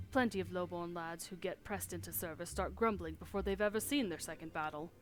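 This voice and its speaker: A woman voicing a cynical lowborn male soldier with rough, common speech, reading game dialogue aloud. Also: lightly acted. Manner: rough common speech, dry and world-weary.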